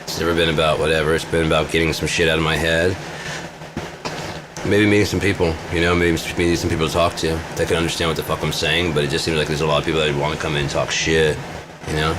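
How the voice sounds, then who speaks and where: Deep-voiced, profane rambling man. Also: fairly even intonation, quick pace, background noise. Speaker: vlogger. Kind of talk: casual rambling monologue.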